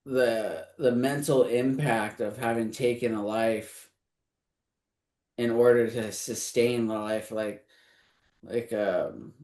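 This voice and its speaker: A man hosting a podcast in a relaxed, reflective way, often chiming in with quick affirmations. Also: mid-range voice. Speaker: podcast host. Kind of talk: casual podcast conversation. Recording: echoey room.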